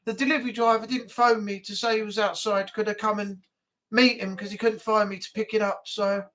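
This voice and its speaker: A man's voice: high-pitched, level tone, a little fast, fairly bright tone. A man hosting a casual live chat stream from home, chatty and grumbling, swearing now and then.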